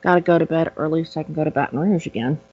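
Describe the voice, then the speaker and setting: Lowish woman, blunt and exasperated. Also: rapid-fire, breathy edge. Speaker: podcast co-host. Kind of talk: casual chat. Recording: dull, dry lo-fi audio.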